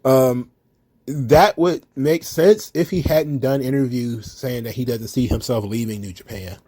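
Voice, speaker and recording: A man talks through wrestling news in a loose, opinionated monologue, cursing freely and hedging with ums and you-knows. His voice sits at an ordinary middle pitch. The sound is dry and close, with no room echo. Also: measured pace, mellow. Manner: blunt, profane, rambling with fillers. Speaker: wrestling commentary host. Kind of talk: casual opinionated commentary.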